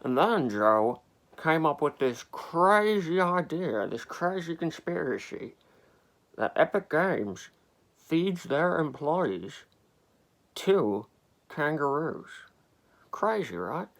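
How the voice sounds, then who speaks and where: A man's voice: on the high side, very animated, slow, fairly bright tone. A man speaking hesitantly, with lots of fillers, as an interviewee in a comedy mockumentary. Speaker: mock documentary interviewee.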